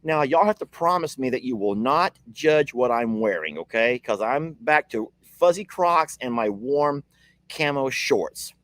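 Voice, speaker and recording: A man's voice: mid-range voice, expressive, unhurried, fairly bright tone, dry recording. A man hosting a casual live video from his ranch, chatting with viewers and laughing often. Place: outdoors at a ranch.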